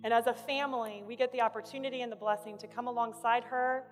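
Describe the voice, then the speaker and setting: A woman in her thirties delivers a sermon in a church, her high voice carrying a long hall reverb. She tells a story with animated, emphatic repetition, warm and plainspoken from the pulpit. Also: fast talker, faint music behind. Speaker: pastor's wife preaching. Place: church auditorium.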